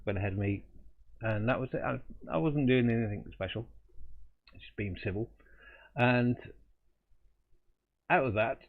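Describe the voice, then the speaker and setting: A man's voice: medium pitch, a little slow, long pauses. A middle-aged man, an artist hosting a live drawing stream, telling a casual, rambling anecdote with chuckles and restarts. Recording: tinny phone-like audio.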